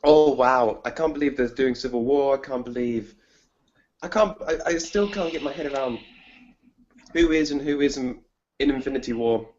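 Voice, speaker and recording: A man's voice: medium pitch, normal speed, a little mellow, muffled recording. A man with a British accent, a guest in a casual chat, enthusiastic and rambling.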